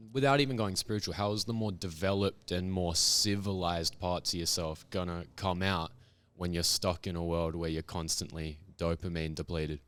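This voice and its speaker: A man's voice: low voice, fairly bright tone. A man giving earnest, reflective opinions in casual podcast chat.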